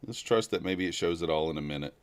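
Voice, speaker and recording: Low-voiced man musing over live charts. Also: fast talker. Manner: casual, thinking aloud, chatting with viewers. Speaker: livestreaming futures trader. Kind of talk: live market commentary.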